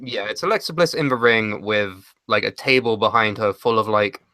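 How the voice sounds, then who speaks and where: Man, co-host, casual livestream chat, bright forceful tone, dry close sound, swears freely. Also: on the low side, moderate pace, no room sound. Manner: animated, profane storytelling. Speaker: podcast co-host.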